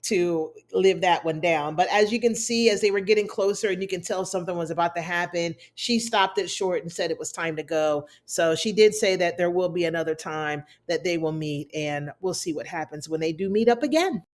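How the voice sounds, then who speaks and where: A woman's voice: fairly low pitch, a little fast, hardly any pauses. A woman hosting a casual recap, chatting about scenes and acting out the lines. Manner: chatty, retells scenes with acted quotes. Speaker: TV recap host.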